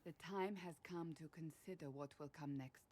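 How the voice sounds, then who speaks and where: A woman's voice: sits low, moderate pace, a little mellow. A woman voicing a stern, devout female warrior in video game dialogue, speaking firmly and solemnly. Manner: firm and solemn.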